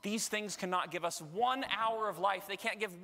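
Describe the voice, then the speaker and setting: A man preaching a passionate sermon as a priest, often building his voice up to a shout. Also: high-pitched, moderate pace, hardly any pauses. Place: large church. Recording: long church reverb.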